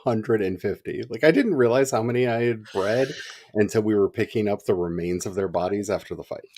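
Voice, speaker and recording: A man co-hosting a livestream in casual chat, animated and chatty, laughing often. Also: on the low side, a little fast. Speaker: livestream co-host.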